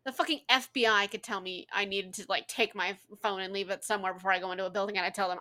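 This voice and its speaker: A woman giving casual, sarcastic running commentary on a film she is watching with a friend. She swears freely and talks in an animated way. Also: mid-range voice, racing. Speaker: co-host reacting to a film.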